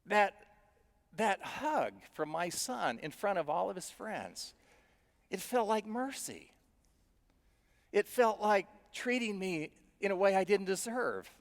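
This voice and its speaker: A man's voice: sits high, very animated, slow pace. A middle-aged man, a pastor, telling personal stories in a conversational, self-deprecating way during a sermon. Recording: long hall reverb.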